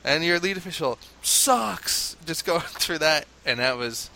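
Animated storytelling American man, bright voice. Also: on the high side, moderate pace. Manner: animated storyteller, laughs often, mimics crowd chants. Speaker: father telling a story. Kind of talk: casual conversation, anecdote.

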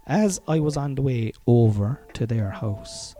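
A man's voice: medium pitch, a little slow, hardly any pauses, over music. An Irish man telling a personal story in a casual monologue, frank and profane, chuckling often and wandering into asides.

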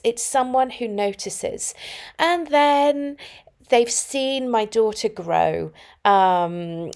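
Her mid-range voice is gravelly and warm as she hosts her own podcast from home. This woman reflects on her life through personal anecdotes, talking solo.

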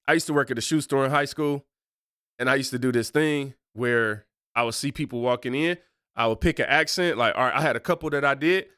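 A man's voice: medium pitch, brisk, fairly bright tone, smooth, no echo, clean studio sound. A married man hosting a casual faith podcast, talking in a loose, slangy way and wandering off on tangents. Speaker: podcast host.

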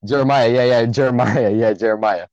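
Young dude rambling through a story, cussing a lot, dull dry mic sound. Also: male voice, mid-range voice, fairly quick, dry recording. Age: young adult. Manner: animated, swears a lot, acts out friends' lines. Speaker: podcast co-host. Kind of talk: casual storytelling chat.

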